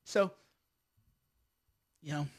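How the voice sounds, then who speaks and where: A middle-aged lawyer and filmmaker delivers a casual, combative monologue. He repeats words, draws some of them out, and tags his lines with "right?".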